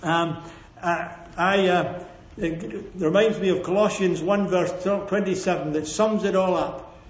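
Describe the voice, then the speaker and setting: High-voiced preacher in an echoey hall. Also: male voice, steady tone, unhurried. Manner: emphatic, repeats key phrases, asks the congregation for amens. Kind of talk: sermon. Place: church hall with a congregation. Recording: echoey, dull lo-fi sermon recording.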